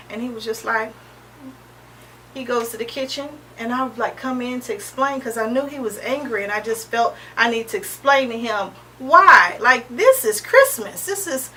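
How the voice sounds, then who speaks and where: A woman in her thirties, an interview guest sharing a personal testimony in a halting, earnest way, often pausing with "um" and restarting. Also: a little high, lively intonation, sharp tone. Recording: distant mic with faint background noise.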